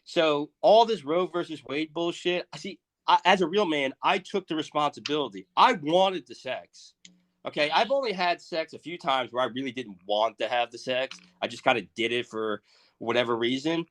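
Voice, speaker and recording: A man in his thirties co-hosting a podcast, delivering a crude, profane comedic rant that swings between loud outbursts and muttered asides. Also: a little high, normal speed. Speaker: podcast co-host.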